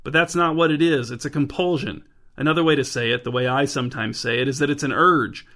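A man's voice: mid-range voice, fast, a bit bright, natural voice. A man reading an earnest, over-explaining neighbor. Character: awkward compulsive male neighbor.

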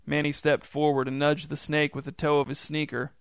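A man reading a story aloud in an even, measured way. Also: on the high side, vocal fry, clean tone, no room sound. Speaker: narrator.

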